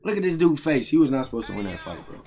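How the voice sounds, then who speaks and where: A young man giving loud, slangy live commentary while playing a fighting game, trash-talking his opponent and swearing often. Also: medium pitch, big pitch swings, fast talker. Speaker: gaming streamer.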